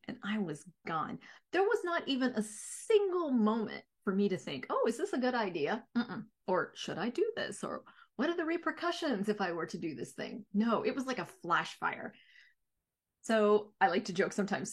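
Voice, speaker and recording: A middle-aged woman therapist speaking candidly in a reflective talk, lively and acting out her own inner voices. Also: medium pitch.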